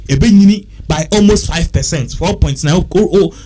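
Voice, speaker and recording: A man's voice: fairly high pitch, moderate pace, mellow. A man with a Ghanaian accent, talking casually and repetitively, working through figures aloud. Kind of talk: casual talk mixing English and Twi.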